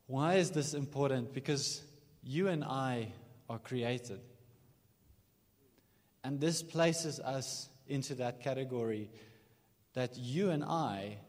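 A man's voice: mid-range voice, darkish tone. A man preaching a sermon, earnest and emphatic, at a morning church service. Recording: long reverb of a large hall.

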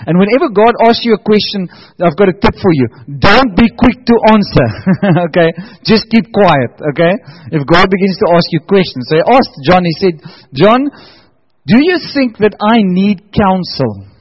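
A middle-aged preacher speaks in a friendly, chatty way and keeps turning to the congregation with asides. His voice sits a little high for a man. The recording is dull and lo-fi. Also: animated, moderate pace. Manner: conversational, chatty, with asides to the audience. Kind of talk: sermon. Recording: dull lo-fi sound.

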